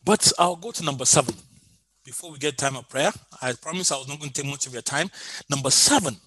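A man's voice: mid-range voice, fast, sharp tone, husky, dry recording, rough recording. A man preaching a sermon with emphasis, repeating his key phrases and rising into sung lines.

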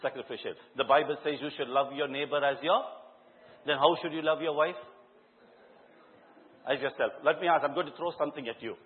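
Male preacher, fairly high voice, quizzes the congregation; tinny, hall-echo recording. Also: fairly quick, pauses often. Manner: questions the congregation directly and tells lively anecdotes. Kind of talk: sermon. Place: church hall before a congregation. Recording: echoey hall, tinny phone-like sound.

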